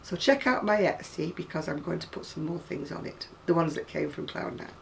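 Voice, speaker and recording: This craft seller, in her sixties and from North West England, talks about her handiwork to camera in a rambling, casual way and laughs a lot, her northern English accent clear. She speaks fairly quickly in a low-pitched, gravelly voice, sitting far from the mic with a little hiss or hum.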